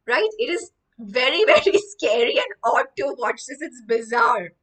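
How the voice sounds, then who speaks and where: A woman's voice: on the high side, sing-song, a little slow, fairly bright tone, recorded from a distance, rough recording. A woman teaching English vocabulary through a story, explaining each line after she reads it.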